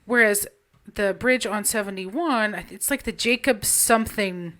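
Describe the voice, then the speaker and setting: A woman co-hosting a casual podcast chat. She tells her stories with animated energy and some blunt swearing. Her voice sits at an ordinary middle pitch for a woman. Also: moderate pace. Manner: animated storytelling, frequent swearing. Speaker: podcast co-host.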